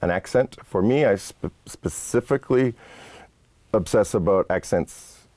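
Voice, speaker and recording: Deep gravelly guy explaining horn articulation, dark dry sound. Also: a little slow, dry recording. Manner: patient, explanatory, casual asides. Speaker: horn teacher. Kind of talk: instructional lesson. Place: studio set.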